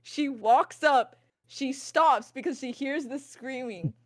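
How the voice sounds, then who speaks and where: Young woman, high voice, unhurried, giggly storytelling, dry close mic. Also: dry recording. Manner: giggly, laughs through her story. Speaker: streamer. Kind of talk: casual storytelling chat.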